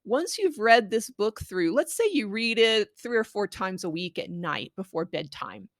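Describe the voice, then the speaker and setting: A woman educator giving clear, patient instructions on how to read a picture book aloud to a child. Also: medium pitch, big pitch swings, moderate pace, no echo, studio quality. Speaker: Spanish language educator. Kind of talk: instructional talk on reading aloud.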